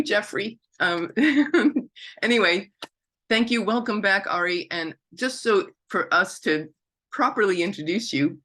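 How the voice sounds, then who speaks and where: A woman's voice: deep voice, a bit bright. A woman hosting a podcast, introducing her guest in an effusive, chatty and spiritual way. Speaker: podcast host.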